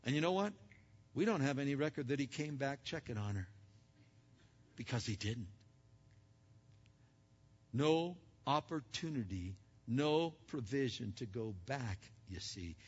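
A man's voice: mid-range voice, animated, a little slow, pauses often, slightly rough. Emphatic male preacher in echoing hall. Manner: emphatic, dramatic swings between loud and hushed. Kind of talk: sermon. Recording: dull sound with long hall reverb.

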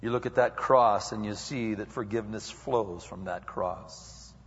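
A male preacher giving a lively sermon that acts out quotes and dialogue, recorded in an echoey hall with dull lo-fi sound. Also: fairly low pitch, measured pace.

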